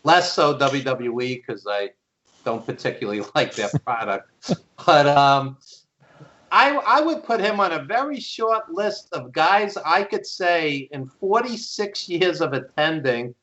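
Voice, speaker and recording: A man's voice: fairly high pitch, animated, unhurried, fairly bright tone, highs cut off. Emphatic fifty-something male co-host. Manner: emphatic, speaks as a fan. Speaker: podcast co-host. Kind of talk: casual podcast chat.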